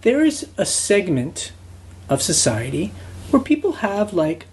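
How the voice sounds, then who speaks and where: A man's voice: high voice, big pitch swings, a little slow, darkish tone. A man co-hosting a casual podcast, rambling and full of "you know" and "like". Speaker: podcast co-host on reselling.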